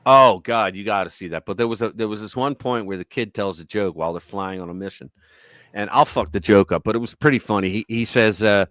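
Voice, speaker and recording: A man's voice: on the low side, quick pace, a bit bright, dry recording. A man hosting a livestream, telling rambling stories in casual chat and swearing freely. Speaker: livestream host.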